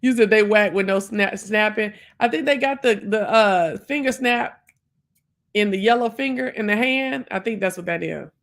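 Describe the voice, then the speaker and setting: A woman in her forties hosting a live stream, talking about the poem in a chatty, reflective way with plenty of fillers. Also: medium pitch. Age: 40s. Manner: chatty and reflective, with many fillers and quick asides. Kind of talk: casual live stream chat.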